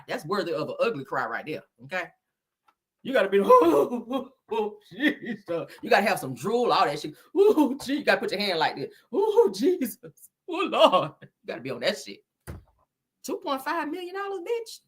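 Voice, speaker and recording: A medium-pitched, somewhat bright and slightly rough voice belongs to this woman hosting a casual chat. She reads the live comments dramatically and with attitude, swearing plenty and referring to viewers as "baby" and "child."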